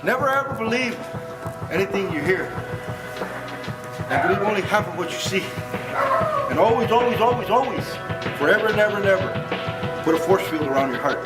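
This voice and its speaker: A podcast host putting on a high, emphatic voice to give loving parting advice, repeating his words. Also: expressive, brisk, long pauses. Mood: tender. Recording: echoey outro with loud music.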